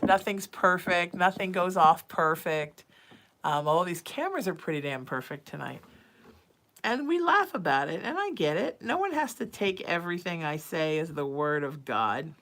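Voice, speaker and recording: A woman's voice: fairly low pitch, sing-song, moderate pace, a bit bright. A woman hosting a psychic livestream, chatting casually and reading viewer texts aloud. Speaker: psychic medium livestream host.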